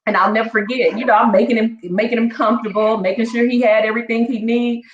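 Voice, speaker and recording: Woman guest, fairly high voice, chatty heartfelt storyteller, dull echoey video call. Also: steady tone, fast. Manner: chatty, keeps calling the listener "girl". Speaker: teacher. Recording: echoey room, dull lo-fi sound.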